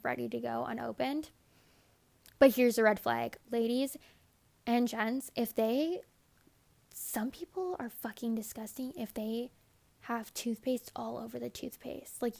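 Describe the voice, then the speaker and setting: A young woman telling a story straight to camera, casual and unfiltered. Her voice sits a bit high and carries plenty of vocal fry. She keeps dropping into quoted inner monologue and fills her talk with "like". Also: a little mellow. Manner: candid, profane, rambling with many "like"s; acts out her own inner thoughts in quotes.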